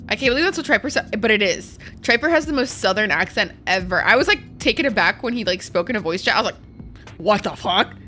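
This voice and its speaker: Woman streamer, bright edgy voice, swears freely and banters with chat, faint music underneath. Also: medium pitch, animated. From Canada. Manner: chatty, profane, quick to react to chat, switches into Arabic. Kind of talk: casual live-stream chat while gaming.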